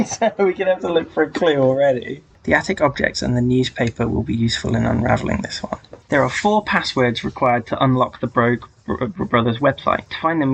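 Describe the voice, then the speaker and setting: A man's voice: mid-range voice, gravelly, slight background noise. A man hosting a casual podcast chat about a puzzle game, reading clues aloud and laughing often. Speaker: podcast host.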